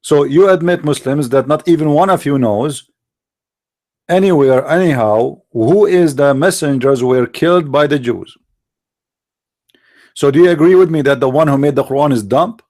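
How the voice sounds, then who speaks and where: His voice is a little high and a little mellow, moving at normal speed. As host of a live stream debating callers, he speaks into a computer mic and ridicules his opponents with sarcastic, taunting rhetorical questions in a mocking polemic.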